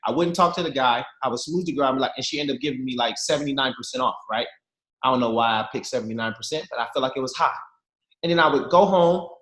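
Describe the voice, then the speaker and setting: A man's voice: mid-range voice, fast talker. A man in his thirties telling jokey, slangy stories to a team on a video call and talking straight to his listeners. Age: 30s. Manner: lively, slangy, jokey, addresses listeners directly. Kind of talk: animated storytelling to a group. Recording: echoey room over a video call.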